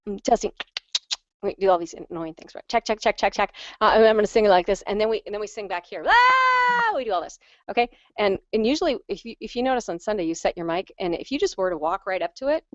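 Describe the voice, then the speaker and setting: A woman's voice: mid-range voice, dry recording. Chatty woman vocal coach, dry dull audio. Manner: chatty, animated, self-deprecating teaching. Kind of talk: online webinar teaching. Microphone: handheld microphone on a stand.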